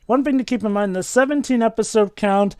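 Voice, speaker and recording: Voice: mid-range voice, brisk, crowd noise. A podcast co-host chatting casually, hedging and qualifying each remark. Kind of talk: casual review commentary.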